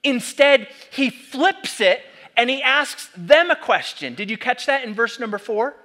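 Guy preaching, bright voice pitched kinda high, lots of questions thrown at the crowd. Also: unhurried. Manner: animated, rhetorical questions to the congregation. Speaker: pastor. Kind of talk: sermon.

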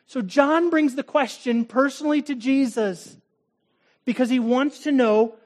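A man preaching a sermon as pastor, dramatic and direct, swinging between loud emphasis and hushed, intimate tones, and challenging his listeners. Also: extremely high pitch, fairly quick.

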